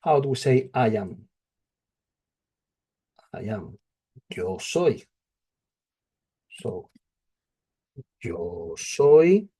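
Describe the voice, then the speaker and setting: A man teaching a Spanish lesson, slow and patient, repeating each phrase. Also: lowish voice, very animated, dark tone, breathy edge. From not from England. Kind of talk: slow spoken language lesson.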